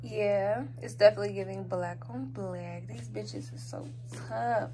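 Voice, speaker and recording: A young woman vlogging in a casual chat, doting and talking baby talk to her cat, sometimes drifting into soft whispers. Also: medium pitch, normal speed, hardly any pauses, heavy background noise.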